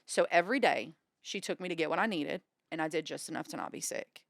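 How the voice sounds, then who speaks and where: A woman from Louisiana, a podcast guest telling her recovery story in a lively way and acting out what people said. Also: fast talker, creaky, no room sound, clean studio sound. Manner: animated, acts out quoted dialogue with pitch jumps. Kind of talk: candid storytelling about recovery.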